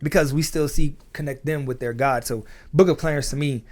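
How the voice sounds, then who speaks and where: Animated man telling stories. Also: fairly high pitch, brisk. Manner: animated, acts out scenes in voices. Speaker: guest. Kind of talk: casual conversation.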